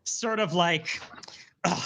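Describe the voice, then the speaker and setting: A man with a notably high voice talks loosely on a livestream. He jokes, rambles and often breaks into laughter. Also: drawn-out words, bright, forceful tone. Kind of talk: casual livestream chat.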